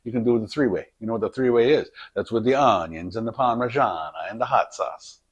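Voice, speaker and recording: Man, husky voice, chatty and jokey, home kitchen, camera on a tripod. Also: mid-range voice, brisk. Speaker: home cooking vlogger. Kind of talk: casual cooking vlog chat.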